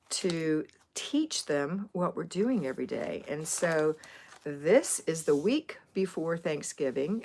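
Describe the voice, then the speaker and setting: A woman's voice: low voice, a little mellow, a little hiss or hum. A middle-aged woman from Florida hosting a homemaking livestream, chatting casually and rambling as she answers viewers' comments. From Florida, USA.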